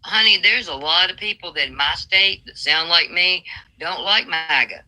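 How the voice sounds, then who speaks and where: A woman's voice: lowish voice, expressive, moderate pace, bright, forceful tone, poor audio. A woman from Alabama with a Southern accent, calling in to a political talk show and speaking bluntly and emphatically. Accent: Southern American. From Alabama, USA. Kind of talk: political call-in chat.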